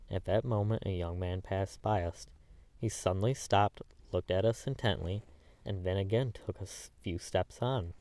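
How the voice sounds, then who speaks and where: A man's voice: low voice, warm tone. A man narrating a classic novel as an audiobook, reading the dialogue plainly with little change of voice between the characters.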